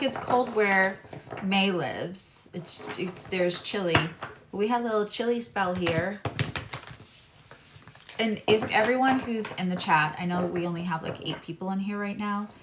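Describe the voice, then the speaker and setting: A tarot reader and astrologer reads cards on a live stream, chatting with viewers in a loose, wandering way. She has a mid-range voice, and there is heavy background noise.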